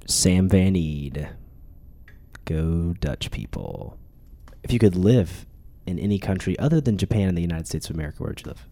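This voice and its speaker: A man, a musician, hosting a casual interview and asking quick questions in a playful, jokey way. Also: low voice, lively intonation, creaky, warm tone. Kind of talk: casual rapid-fire questions.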